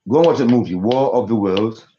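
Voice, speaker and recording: A man's voice: medium pitch, brisk, mellow, muffled recording, slight background noise. A man in his thirties rambling through a live-stream monologue, repeating himself and swearing for emphasis. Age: 30s. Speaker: conspiracy vlogger.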